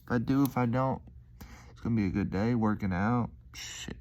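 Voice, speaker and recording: A man's voice: mid-range voice, moderate pace, a little mellow. A young man rambling casually to his viewers, slangy and meandering, with lots of fillers. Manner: laid-back, slangy, meandering with many fillers. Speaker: vlogger.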